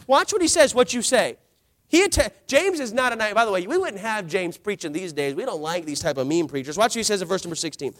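A man delivers a sermon in a strikingly high voice. He preaches with passion, rising to loud declarations and dropping to near-hushed asides. He slows down and stretches key phrases to drive the point home. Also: lively intonation. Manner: drawn-out emphatic phrases. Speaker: pastor.

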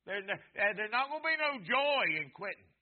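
Tinny-sounding preacher, high voice. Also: male voice, very animated, moderate pace. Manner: swings between loud cries and low, quiet asides, repeats phrases. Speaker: pastor. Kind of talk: sermon.

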